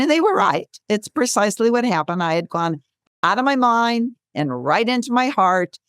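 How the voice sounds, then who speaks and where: A woman in her sixties, a guest author, telling a lively story in a podcast interview and acting out the quotes. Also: on the low side, no echo, clean studio sound. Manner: lively, animated storyteller who acts out quotes.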